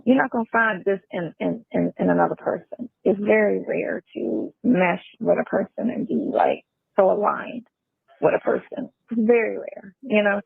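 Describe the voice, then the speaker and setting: A woman with a husky, gravelly voice rambles and restarts mid-sentence in a casual phone conversation. The audio is a tinny phone-call recording. The sound is dry. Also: medium pitch, animated, no echo. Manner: rambling, halting, restarts, fillers.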